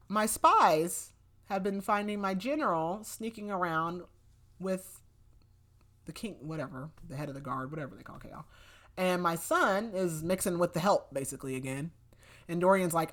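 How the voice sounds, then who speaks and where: Low-voiced woman recapping a book casually. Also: lively intonation, normal speed. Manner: chatty, many "like" fillers, acts out quotes loosely. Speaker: podcast host.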